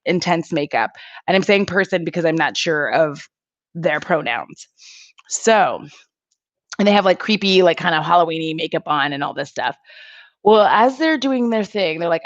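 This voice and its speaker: On the low side, this woman's voice comes through dull audio in a dry recording. She's a YouTuber chatting with her live chat, giggly and rambling, with plenty of filler words as she drifts between thoughts.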